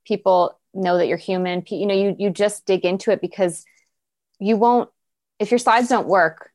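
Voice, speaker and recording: A woman's voice: mid-range voice, steady tone, moderate pace, darkish tone. A woman guest speaking as an author and coach in a casual podcast conversation, with an encouraging, coaching tone.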